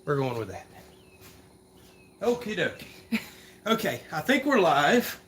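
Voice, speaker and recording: A man hosting a casual livestream Q&A, chatty and rambling and quick to laugh, recorded on a phone camera. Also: fairly high pitch, sing-song, fairly bright tone, a little hiss or hum. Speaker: livestream host.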